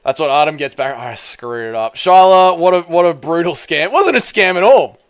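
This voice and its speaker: A man hosting a live stream, bantering with his chat and calling out vote counts in an excitable, teasing way. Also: a little high, normal speed, clear, resonant tone.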